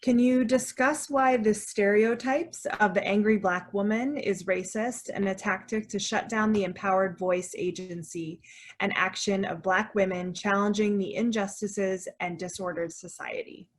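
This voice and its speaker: A woman moderating an online talk, reading audience questions aloud in a measured way over a video call. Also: mid-range voice, fairly even intonation.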